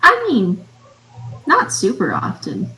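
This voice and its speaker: A woman's voice: mid-range voice, wildly swooping pitch, slow, bright, forceful tone, full character voice, low-quality recording. A hesitant young male adventurer, as a woman plays him in a tabletop game, hedges and rambles nervously. His voice swings up and down with plenty of life. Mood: nervous, awkward.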